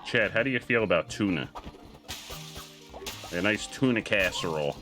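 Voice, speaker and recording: Excitable, animated male streamer. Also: fairly low pitch, moderate pace, pauses often, music in the background. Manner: excitable, swears freely, chats with viewers. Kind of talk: casual livestream commentary while gaming.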